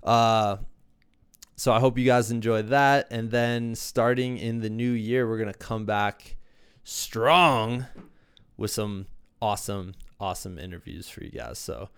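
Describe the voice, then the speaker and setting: A man from Iowa hosting a podcast, chatting in a relaxed, rambling way with many fillers. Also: on the low side, a little slow, clear, resonant tone, dry recording, clean studio sound. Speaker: podcast host. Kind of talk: casual podcast chat.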